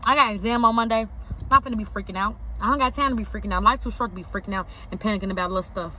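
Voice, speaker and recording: Her mid-range voice comes out very fast and sharp, with slight background noise. Sitting in her parked car outside an auto shop, she chats casually to camera as she eats, using slang and repeating lines for emphasis in forceful bursts.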